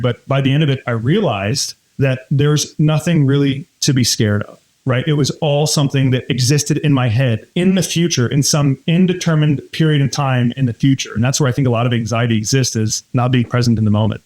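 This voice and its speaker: A man's voice: medium pitch, fairly quick, few pauses. A man in his thirties, a podcast guest, telling stories and acting out what people said. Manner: energetic storyteller, acts out quotes. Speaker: guest, real estate fund CEO. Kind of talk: casual interview talk.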